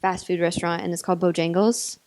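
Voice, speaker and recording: A woman's voice: lowish voice, little pitch movement, quick pace, darkish tone, slight background noise. A young woman from North Carolina with a faint Southern accent, chatting as an interview guest, bubbly and giggly with lots of likes and ums. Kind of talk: casual interview chat.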